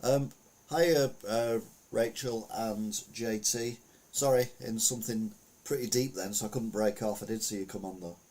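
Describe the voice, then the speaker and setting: A man's voice: lowish voice, fairly even intonation, normal speed, a little mellow. A middle-aged man giving casual opinion commentary as a podcast host, rambling with lots of fillers and restarts.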